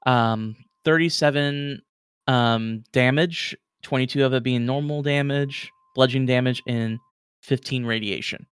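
Give me a man running a tabletop game who narrates loosely and fills the gaps with "like" and "um." His voice is clear and smooth. It is recorded dry and close. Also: mid-range voice, steady tone, unhurried, a bit bright, no echo. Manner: casual, filler-heavy, lots of "like". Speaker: game master.

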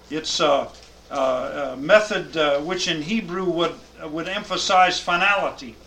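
A man's voice: fairly high pitch, moderate pace, pushed and bright, slight background noise, poor audio. A man teaching a Bible class, reading scripture aloud with emphatic cadence and then explaining it.

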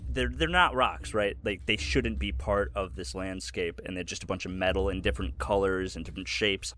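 A man narrating as game master of a tabletop game, in a casual, quick manner. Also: low-pitched, bright, forceful tone, slight background noise.

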